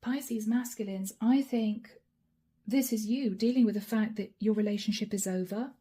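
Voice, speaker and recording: Hoarse, raspy woman reading tarot. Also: mid-range voice, moderate pace. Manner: soft-spoken with whispered asides. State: hoarse, voice fading. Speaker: tarot card reader.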